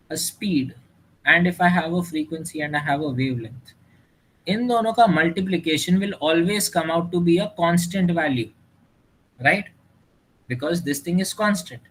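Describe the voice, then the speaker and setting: A man's voice: high-pitched, husky, poor audio. A man teaching a classroom lesson, mixing with Hindi and quizzing students. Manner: animated, mixes English with Hindi, asks students questions. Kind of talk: classroom lecture.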